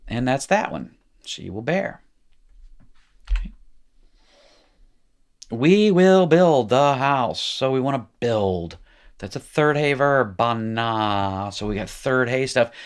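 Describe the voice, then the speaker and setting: A man teaching a recorded language lesson, explaining patiently with small asides and encouraging the listener. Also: medium pitch. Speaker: Hebrew teacher.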